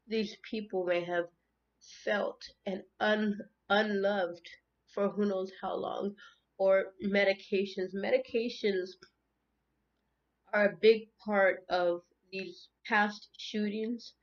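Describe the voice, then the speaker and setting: With a muffled recording and a slow delivery, a spiritual tarot host speaks in a mid-range voice with little pitch movement. Her unscripted monologue is heartfelt and emotional, full of repeated words and restarts, and at times she sounds tearful.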